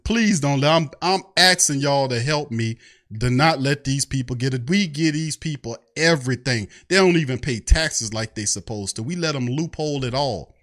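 A man's voice: medium pitch, lively intonation, normal speed, fairly bright tone. A man hosting a fan show, ranting in an angry, profane way. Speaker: sports fan show host. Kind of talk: heated fan rant.

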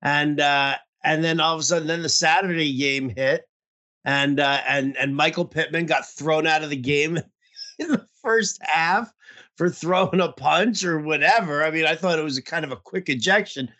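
A man's voice: a little high, moderate pace, sharp tone. A man in casual podcast chat, telling a rambling, profane story about his bad fantasy football week while nursing a toothache. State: toothache pain. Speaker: podcast co-host.

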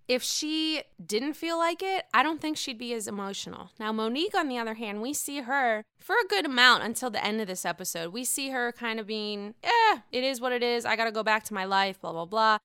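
A woman with a fairly high, bright and forceful voice gives a casual recap of a reality TV episode. She is candid and swears freely as she talks. Her tone is crisp and smooth, and the sound is dry, with no room echo. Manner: candid, profane, lively.

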